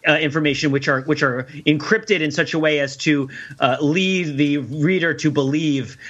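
A man's voice: a little high, steady tone, moderate pace, a bit bright, dull audio. A man co-hosting a casual film podcast, talking in a wry, rambling way and laughing at his own jokes. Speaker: podcast co-host discussing a film. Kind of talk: casual chat.

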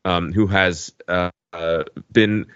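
A man with a radio baritone voice, a regular panelist in casual podcast chat. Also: steady tone, slow pace, fairly bright tone, smooth, dry recording. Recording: slightly dull lo-fi mic.

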